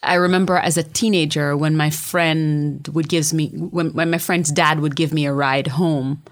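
Jamaican woman, deep-set voice, candid storyteller, restarts her sentences. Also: steady tone, normal speed. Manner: emphatic, repeats words when starting sentences. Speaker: poet and memoirist guest.

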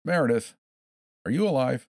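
A man's voice: on the low side, big pitch swings, brisk, no room sound, studio quality, voice pushed up. A man voicing a cheerful, sinister cloaked man who shows off a tortured woman, in a coaxing, showman-like way. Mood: gleeful.

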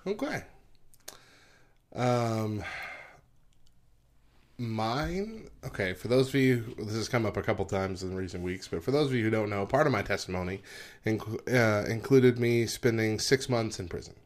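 A man's voice: fairly low pitch, lively intonation, a little slow, long pauses. Easygoing laughing male co-host. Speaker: podcast co-host. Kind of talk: casual chat.

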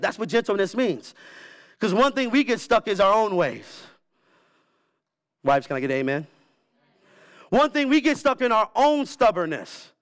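Animated high-voiced male preacher. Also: moderate pace, long pauses. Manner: animated preaching with shifting pitch, repeats words for emphasis. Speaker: pastor. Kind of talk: sermon. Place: church.

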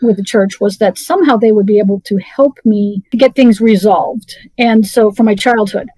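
A woman's voice: medium pitch, mellow, no room sound, rough recording. Middle-aged woman guest, hesitant storyteller, dry recording. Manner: halting, many restarts and fillers. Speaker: interview guest. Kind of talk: personal story in conversation.

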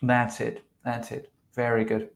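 This English teacher and podcast co-host is a native Spanish speaker whose South American accent colors his patient grammar explanations. He talks a little slowly in a mid-range, monotone, creaky voice, and he laughs softly at his own slips.

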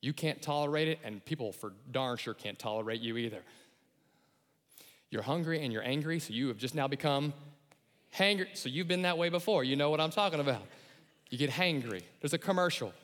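A man preaching a lively sermon, acting out voices and shouting his key lines. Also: medium pitch, brisk. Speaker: pastor. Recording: long hall reverb.

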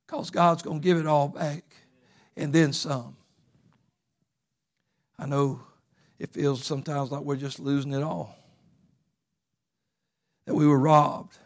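A man preaching a sermon, moving between quiet, close talk and loud, fervent exhortation. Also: fairly high pitch, flat delivery, slow pace, pauses often.

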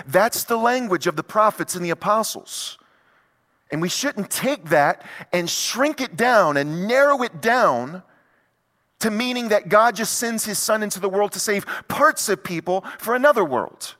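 A middle-aged man delivers a sermon in a church sanctuary, hammering points home through repetition. His voice sits high and bright for a man. A long hall reverb trails every phrase. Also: lively intonation, unhurried. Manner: emphatic, repetitive preaching with rising intensity. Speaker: pastor.

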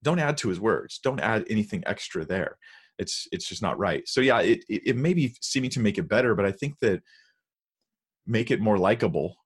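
Speaking with lively intonation in a fairly low, husky voice, a man on a conversational podcast earnestly stresses points about Bible translations. He reads verses aloud at a slow pace.

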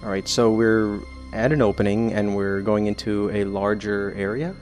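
A man's voice: on the low side, level tone, moderate pace, darkish tone, faint music behind. A man playing a tabletop role-playing game, talking casually about his character's plans and joking. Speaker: player.

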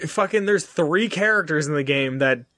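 A man's voice: fairly high pitch, animated, moderate pace, bright, forceful tone, no echo. A man on a casual podcast, reading out game trivia and ranting with lots of swearing and laughter. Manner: profane, ranting, laughs often. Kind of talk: casual chat.

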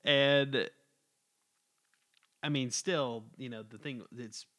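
Bright-voiced man chatting about comics. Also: medium pitch, steady tone, slow. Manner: agreeable, chimes in often and laughs. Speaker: podcast co-host. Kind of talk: casual comic book review chat.

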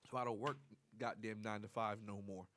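Fast-talking, blunt, profane man. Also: on the low side, slight background noise. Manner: animated, acts out each person's lines. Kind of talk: casual storytelling rant.

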